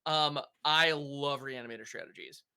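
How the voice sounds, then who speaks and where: A man co-hosting a casual podcast, telling stories with animated enthusiasm. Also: medium pitch, normal speed, vocal fry, smooth. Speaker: podcast co-host.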